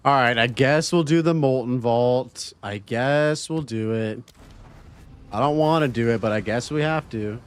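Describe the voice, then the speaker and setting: A man's voice: mid-range voice, a little slow, smooth. Casual, swearing Canadian streamer man. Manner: casual, profane, chatty with viewers. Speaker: game streamer. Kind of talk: casual livestream chat.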